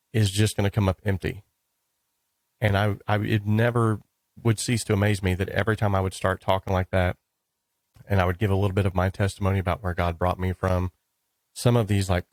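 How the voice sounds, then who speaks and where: Man, very low voice, dry close sound, casual interview host, animated storyteller. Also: no room sound. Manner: animated storyteller, says dude and like often. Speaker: podcast host.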